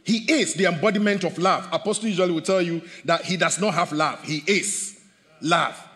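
A man preaching a sermon as pastor, animated, swinging between loud bursts and hushed asides. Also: high-pitched, big-room sound. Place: church hall.

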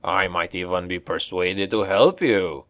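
A man voicing a gruff, greedy dwarf bounty hunter who grumbles with scorn. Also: low-pitched, unhurried, a bit bright, no room sound, studio quality, voice pushed down.

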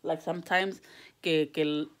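Heated woman, lower voice. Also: steady tone, normal speed. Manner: profane, switches between English and Spanish mid-sentence; heated and exasperated. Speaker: vlogger. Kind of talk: casual venting to camera.

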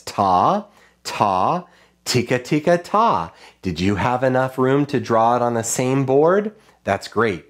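A man teaching a children's music lesson, patiently chanting rhythm syllables and talking them through drawing rhythms. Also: medium pitch.

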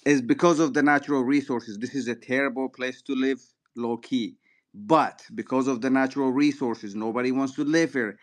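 A man's voice: mid-range voice, fairly even intonation, normal speed. A man arguing bluntly and dismissively in a heated political debate.

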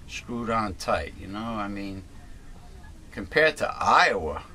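A man's voice: on the low side, sing-song, slow pace, bright, forceful tone, slight background noise. A man co-hosting a casual political chat, cracking puns and making emphatic points. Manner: wisecracking, punning, emphatic. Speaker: co-host.

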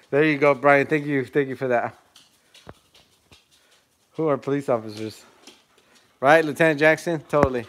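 A man's voice: mid-range voice, measured pace, pauses often, fairly bright tone, slight background noise. A man chatting casually on a live stream from his phone, calling to his dogs and laughing with viewers.

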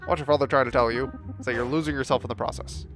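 A man's voice: mid-range voice, fairly even intonation, rapid-fire, a bit bright, faint music behind, natural voice. A man voicing the ghost of a middle-aged father who lectures his son in a stern, parental way. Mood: chiding.

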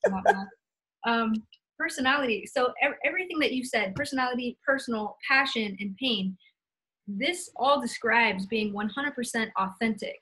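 Husky, upbeat woman co-host. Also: a little high, moderate pace, bright, forceful tone, poor audio. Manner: upbeat, recaps points with fillers. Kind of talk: casual live-stream teaching.

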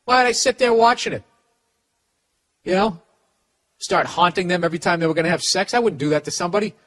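A man's voice: high-pitched, quick pace, fairly bright tone. A middle-aged man with a Boston accent hosting a podcast, giving comedic advice in a profane, ranting way with stammering restarts. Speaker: podcast host.

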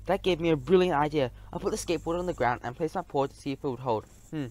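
Lively man reading a storybook. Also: a little high, fast talker. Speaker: audiobook narrator. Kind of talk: storybook narration.

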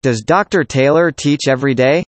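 Speaker doing practice conversation lines, plain even delivery, dry close sound. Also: medium pitch, moderate pace, dry recording. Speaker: dialogue reader.

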